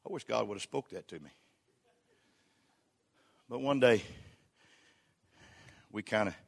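An older man preaching a sermon as a pastor. He is folksy and humorous, and he swings from shouted exhortation to quiet storytelling. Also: lowish voice, lively intonation, unhurried, gravelly.

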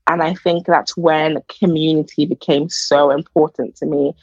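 A woman's voice: low voice, steady tone, normal speed, breathy edge, no echo, highs cut off. A young woman telling her personal story in a casual, earnest way, full of fillers. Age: young adult. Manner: earnest, chatty, many fillers. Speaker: podcast guest.

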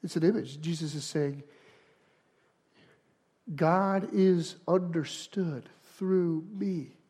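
This man delivers a sermon as pastor in a slightly high, husky voice, taking his time. Earnest and repetitive for emphasis, he swells into louder stretches and drops to a hush when he prays.

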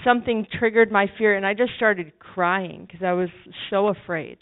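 A woman's voice: mid-range voice, moderate pace. A woman preaches with impassioned, pleading fervor. Her voice comes through thin and boxy, like a phone line. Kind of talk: sermon. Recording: phone-like narrow sound.

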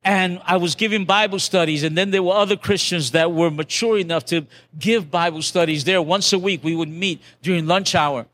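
A man's voice: high voice, normal speed, fairly bright tone. An older man, a pastor, preaching a sermon as a conversational testimony, with restarts and acted-out quotes.

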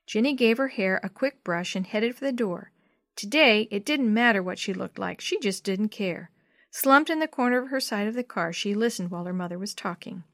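A woman narrating a children's chapter book in a clear, steady storytelling voice. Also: mid-range voice, normal speed, dry recording, clean studio sound.

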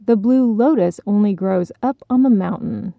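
A woman voicing a patient, gentle male crane in a storybook, persuasive in manner. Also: mid-range voice, normal speed, vocal fry, no echo, narrow, tinny audio, natural voice.

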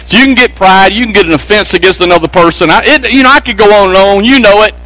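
A man's voice: quick pace, sharp tone, no echo, soft background music, poor audio. A man from Texas, preaching a sermon with emphatic, rising delivery. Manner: emphatic, pitch climbing on key phrases. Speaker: pastor.

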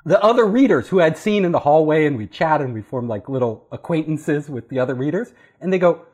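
A man casually telling a story, animated and often laughing as he acts out what others said. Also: a little high, a little fast, hardly any pauses, husky. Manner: animated, laughing, acting out quoted voices. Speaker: storyteller guest. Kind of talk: casual anecdote.

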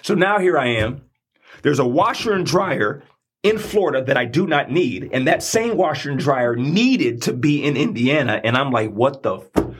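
A man with a husky, breathy voice tells his own story like a sermon. He gets animated, jumping up in excitement and dropping to a hush. His pitch sits in the middle for a man. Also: moderate pace. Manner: animated, swings between hushed and excited. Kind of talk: preachy storytelling monologue.

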